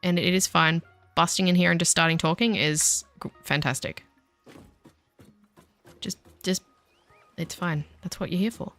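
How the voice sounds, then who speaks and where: A woman's voice: fairly low pitch, steady tone, unhurried, long pauses, fairly bright tone, faint music behind. A woman chatting casually with her viewers while she plays, self-deprecating and easily sidetracked. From Australia. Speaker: game streamer. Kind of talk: casual chat while gaming.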